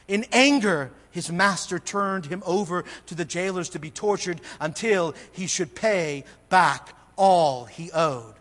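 A male pastor with a high voice preaches earnestly. He swings between emphatic bursts and quiet, intense asides, with a long reverb trailing through the church hall. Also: measured pace, hardly any pauses. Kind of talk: sermon.

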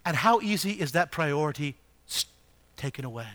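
A man preaching a sermon, asking the congregation rhetorical questions and swinging between hushed, slow passages and loud, emphatic ones. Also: fairly high pitch, expressive. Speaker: pastor.

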